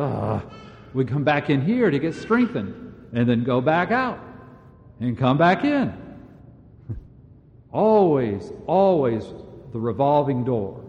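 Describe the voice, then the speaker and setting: A man's voice: medium pitch, a little mellow. A man preaching a sermon in a conversational, self-mocking way, chuckling at himself. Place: church. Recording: dull sound with long reverb in a church.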